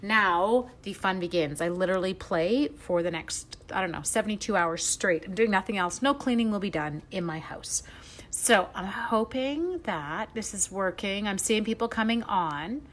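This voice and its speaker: A woman's voice: mid-range voice, expressive, normal speed, fairly bright tone. A middle-aged woman chatting through a live stamping demonstration, greeting viewers by name with playful asides. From Canada. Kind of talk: live-stream crafting demo.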